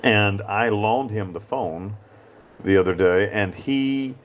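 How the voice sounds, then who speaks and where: A man's voice: fairly low pitch, slow, highs cut off. A man with a Southern Appalachian mountain accent from Western North Carolina, a prison chaplain and inmate talking in a rambling, frank monologue that repeats itself and drifts off topic. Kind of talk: casual spoken monologue.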